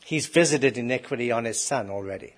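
A man's voice: mid-range voice, a little fast. A man preaching a sermon to a congregation in a conversational way, often asking rhetorical questions. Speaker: pastor.

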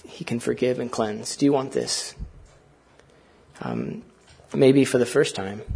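A man preaching from the pulpit with a slightly husky, breathy voice and a middling pitch. He talks in an earnest, conversational way, often turning to the congregation with questions and casual asides. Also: a little mellow. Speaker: pastor. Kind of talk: sermon.

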